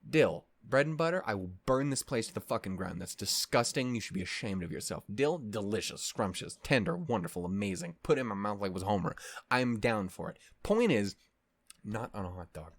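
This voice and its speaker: A man's voice: on the low side, expressive, brisk, dry recording. A man hosting an anime discussion, talking in a casual, rambling rant full of profanity and mock outrage. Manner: rambling with many fillers and restarts.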